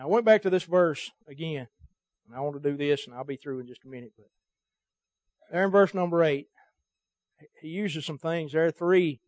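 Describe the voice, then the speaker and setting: A man's voice: fairly high pitch, a little mellow, no echo. A man preaching a sermon to his church, emphatic and cadenced, his volume swelling and dropping. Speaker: pastor. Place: church service.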